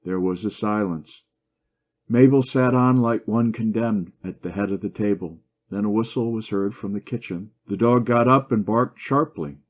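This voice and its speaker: A man reading a classic short story aloud in steady, even narration. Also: fairly low pitch, moderate pace. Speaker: story reader. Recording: dull lo-fi recording.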